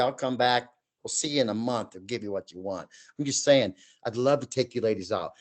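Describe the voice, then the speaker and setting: This is a man in his sixties, a guest in a relaxed conversation, telling first-hand stories. He is lively and acts out the voices and noises himself. His voice sits at an ordinary middle pitch for a man. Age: 60s. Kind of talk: storytelling in a casual chat.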